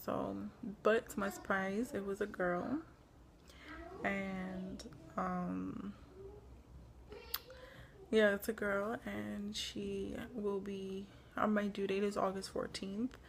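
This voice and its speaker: Breathless young woman, gravelly casual vlog. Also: medium pitch, flat delivery, slow, slight background noise. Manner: rambling, lots of "like" and "um". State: short of breath. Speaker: pregnancy vlogger. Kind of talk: casual chat.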